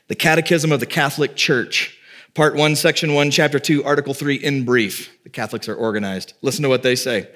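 A male pastor delivering a sermon in an easy, conversational way, leaning into key lines and then tossing off wry little asides. His voice sits at an ordinary male pitch, neither deep nor high. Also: fairly bright tone. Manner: conversational preaching with quick asides.

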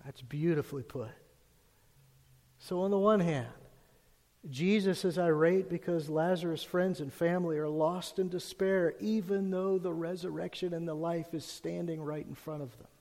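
A man giving a sermon as pastor, earnest, dropping his voice low and soft when he reads scripture. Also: moderate pace, in a large hall.

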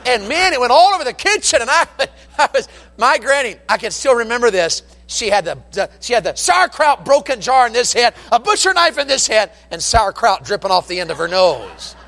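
A man preaching a sermon from the pulpit, telling folksy stories in an animated, down-home way. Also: very high voice, fairly quick, gravelly, long reverb tail. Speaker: pastor. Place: church sanctuary with long reverb. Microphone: pulpit microphone.

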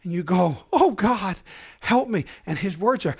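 A male pastor preaching a sermon in an earnest way, dropping to a hush and rising to loud cries. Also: high-pitched, animated, measured pace, gravelly, slightly rough. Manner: earnest, swings from hushed to loud.

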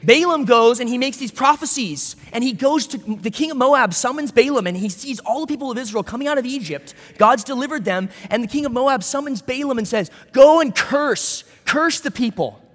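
A man's voice: very high-pitched, animated, brisk, hardly any pauses, fairly bright tone, in a large hall. A man pastor preaching a sermon in a conversational way, with storytelling asides.

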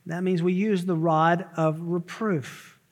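Preaching from the pulpit, this male pastor has a strikingly high voice and a forceful style, leaping into sharp, rising exclamations and tossing in quick asides. Despite that, his intonation is fairly even, and a long reverb carries his sermon through the sanctuary.

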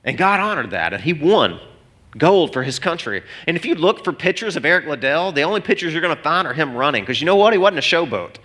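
A man's voice: on the high side, big pitch swings, fast, pushed and bright. A man preaching a sermon in an earnest, emphatic way, asking the listeners questions as he goes. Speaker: pastor.

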